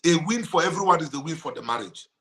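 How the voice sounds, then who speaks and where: A man's voice: fairly high pitch, animated, quick pace, fairly bright tone. A man, a pastor and marriage counselor, teaching about marriage in conversation and repeating key phrases for emphasis.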